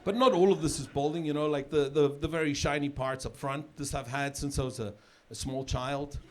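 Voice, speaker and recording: A middle-aged man from South Africa doing a stand-up comedy set on stage, chatty and loose, with sudden shouted punchlines. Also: a little high, steady tone, brisk. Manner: conversational, with filler repeats and sudden shouted punchlines. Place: comedy stage with a live audience. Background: audience laughter.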